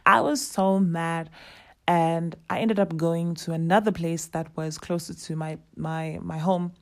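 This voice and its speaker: Casting: young woman, low-ish voice, lively casual storyteller who acts out dialogue. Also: a little slow. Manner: animated, acts out quoted dialogue, laughs often.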